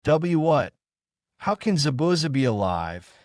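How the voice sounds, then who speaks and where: A man's voice: on the high side, very animated, measured pace, dry recording, studio quality, voice pushed up. A man voicing a bewildered teenage girl ninja in a fan fiction reading.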